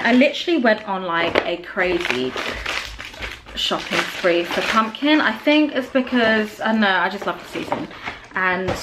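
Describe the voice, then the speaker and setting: A woman's voice: mid-range voice, noisy background. A young woman vlogging, chatting casually through a show-and-tell of her products with lots of ums and likes. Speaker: beauty vlogger.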